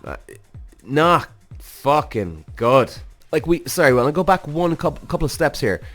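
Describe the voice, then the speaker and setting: A man hosting a podcast, reacting to a motorsport documentary in a casual, animated way, swearing freely and speaking straight to his listeners. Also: fairly high pitch, a little slow, faint music behind. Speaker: podcast host, former racing driver.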